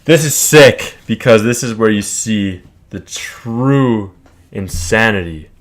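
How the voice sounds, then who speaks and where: A man's voice: lowish voice, slow pace. A young man presenting a class project as a casual comic retelling, talking in laid-back slang with hesitant fillers.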